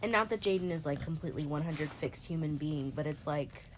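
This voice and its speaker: A woman in her twenties on a podcast, talking in a casual, emotional way, tearful and laughing through it, her voice jumping high when she quotes herself. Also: brisk, a little hiss or hum. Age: 20s. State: crying at times. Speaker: podcast co-host. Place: bedroom, on a bed.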